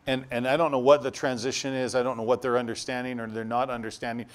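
A man's voice: mid-range voice, fast, hardly any pauses, smooth. A male pastor preaching a sermon, acting out the crowd's voices and laughing as he goes. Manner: animated, acts out voices of the crowd, laughs often.

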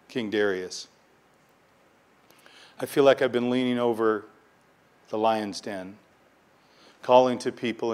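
A male pastor preaching a sermon, reading scripture aloud and stressing key words with swells of force, often repeating himself as he builds a point. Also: lowish voice.

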